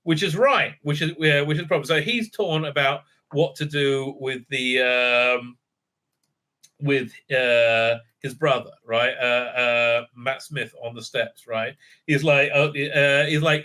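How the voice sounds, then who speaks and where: Speaking slowly with a sharp tone, a medium-pitched man keeps his intonation fairly even while recapping a TV episode, spoilers included. The reviewer rambles, packs in fillers, keeps asking "right?", and bursts into enthusiastic praise along the way.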